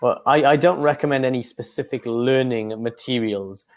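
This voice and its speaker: A man's voice: medium pitch, normal speed. A man, an English tutor answering interview questions in an explanatory way, often stopping to restart. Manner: explanatory, with frequent fillers and restarts. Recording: dull lo-fi audio.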